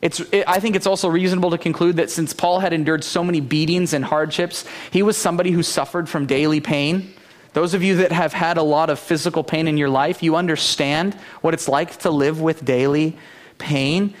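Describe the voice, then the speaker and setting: A man's voice: a little high, fairly even intonation, brisk. A man preaching a sermon as pastor, earnest, asking rhetorical questions of the congregation.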